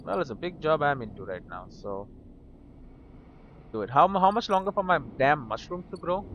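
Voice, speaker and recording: A man's voice: fairly high pitch, lively intonation, moderate pace, lo-fi sound, noisy background. A man casually commentating as he plays a video game, muttering to himself and swearing now and then. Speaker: game streamer. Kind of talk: let's play commentary.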